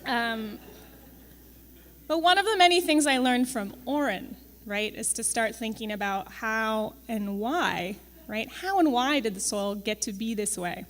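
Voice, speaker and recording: Higher-voiced woman presenting in a reverberant hall. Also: measured pace, a little hiss or hum. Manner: chatty and wry, with frequent ums and tag questions. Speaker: campus farm manager giving a presentation. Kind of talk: conversational presentation to an audience. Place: large event hall. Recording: long reverb of a large event hall.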